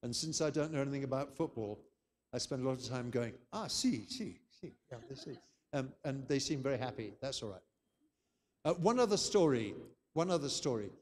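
A man's voice: medium pitch, animated, fairly quick, darkish tone, in a large hall. An older man from England, giving a chatty, anecdotal conference lecture. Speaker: keynote speaker.

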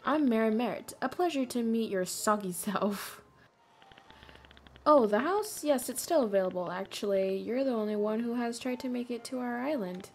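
A woman's voice: on the high side, normal speed, darkish tone, slight background noise, lightly acted. A woman voicing a cheerful, friendly island woman as she reads game dialogue aloud. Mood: welcoming.

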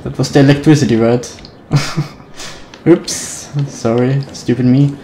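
A gaming video creator giving nervous let's-play commentary on a horror game, talking to themself and humming la-la to stay calm. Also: mid-range voice, slight background noise, rough recording. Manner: nervous, talks to self, hums la-la to calm down.

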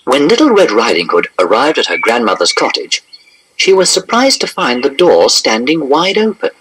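A man's voice: medium pitch, normal speed. Guy reading a kids storybook, voice goes way up and down, bit of hiss behind. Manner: expressive, animated read-aloud. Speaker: narrator. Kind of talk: scripted storybook narration.

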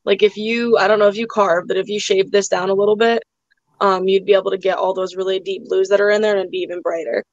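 A woman runs a live online sale, talking in a loose, chatty way with many "like"s and "um"s. Her voice sits at an ordinary pitch and sounds close and dry. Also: little pitch movement, quick pace, no room sound, lo-fi sound. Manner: chatty, full of "like" and "um" fillers. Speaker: live auction seller. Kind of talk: casual live-stream sales chat.

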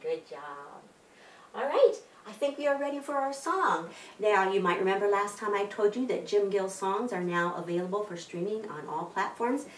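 A woman hosting a children's library storytime, leading songs and stories in an animated, sing-song, encouraging way. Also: medium pitch, normal speed, slight background noise. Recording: echoey room, distant mic, faint music.

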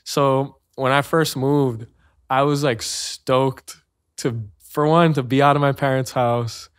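A man's voice: medium pitch, steady tone, slow, smooth, dry recording, clean studio sound. A man from Hawaii with a Hawaiian accent, chatting casually as a podcast guest, laid-back and slangy, laughing often. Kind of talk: casual chat.

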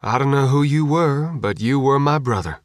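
Casual: guy reading as a tough calm lady officer, low key, no-nonsense. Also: normal speed, dry recording, studio quality, lightly acted. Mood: grim calm. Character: grim, steady female petty officer.

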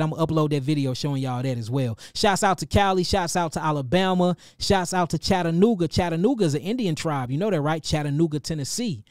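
A middle-aged man with a St. Louis accent hosts a casual livestream, giving animated, preachy shout-outs and calling his listeners family. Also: fairly high pitch, no room sound, studio quality. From St. Louis, Missouri. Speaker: livestream host and healer.

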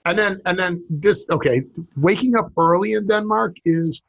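Husky guy cohosting a goofy podcast, voice sits a bit high, reads off silly sayings and laughs at em. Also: moderate pace, a bit bright. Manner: reads out funny sayings, chuckling, jumps into silly put-on voices. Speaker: podcast co-host. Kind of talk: casual comedic chat.

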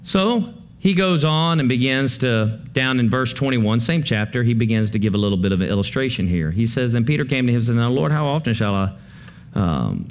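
A male pastor preaching a conversational sermon to his congregation, moving between hushed low passages and rising, urgent ones.

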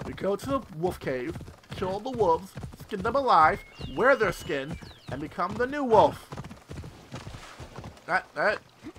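Excitable young man playing a game. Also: sits high, a little slow, long pauses, background noise. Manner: excitable, loud outbursts, lots of swearing. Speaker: gameplay streamer. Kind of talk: casual let's-play commentary.

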